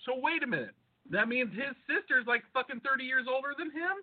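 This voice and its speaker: A man co-hosting a podcast in loose, excitable chat, swearing and spinning wild theories. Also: very high-pitched. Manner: excitable, swearing, quick to speculate. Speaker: podcast co-host. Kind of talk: casual chat. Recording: phone-like narrow sound.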